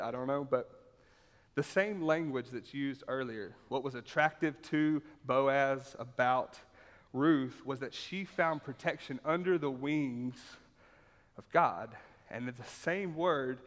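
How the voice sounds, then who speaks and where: A man preaching a sermon and reading scripture aloud, talking conversationally, repeating points for emphasis and often asking the room "right?". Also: medium pitch. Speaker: pastor. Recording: reverberant hall.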